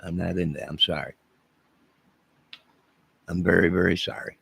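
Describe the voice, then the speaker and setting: Older male streamer, deep gravelly voice with a husky edge, rambling and jokey, chatting with viewers. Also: fairly even intonation, moderate pace, pushed and bright. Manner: rambling, joking, talks to chat viewers by name. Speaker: livestream host reading chat. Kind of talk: casual livestream chat.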